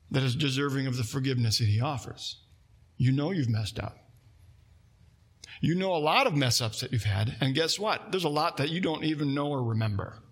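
A man preaching a sermon, telling a personal story with lively swings between loud emphasis and hushed, quiet moments. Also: a little high, breathy edge. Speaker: pastor.

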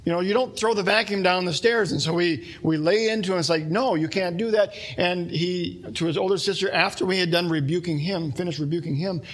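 Male pastor, 30s, breathy and slightly high voice, chatty sermon with everyday examples. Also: fairly quick, few pauses, fairly bright tone. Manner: conversational, explaining with everyday examples.

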